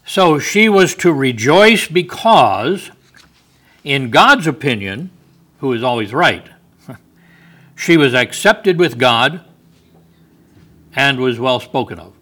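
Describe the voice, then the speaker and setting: Slow, bright-voiced male Bible teacher. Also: medium pitch, animated. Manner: thoughtful, explanatory, with small asides and chuckles. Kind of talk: sermon-style Bible study.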